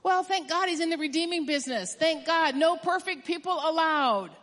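A woman preaching a sermon in an emphatic way, rushing through some phrases and stretching out others for stress. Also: very high voice, fairly bright tone. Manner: emphatic, swings from quick bursts to drawn-out stresses. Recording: long hall reverb.

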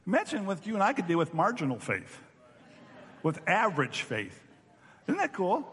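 A man's voice: on the high side, sing-song, moderate pace, fairly bright tone, husky, in a large hall. A man preaching a sermon as pastor, telling stories animatedly and acting out voices.

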